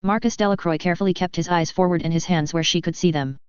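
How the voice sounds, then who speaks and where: Woman audiobook narrator, smooth low voice, dead-dry slightly muffled sound. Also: steady tone, fast, darkish tone, no room sound. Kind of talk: scripted story narration.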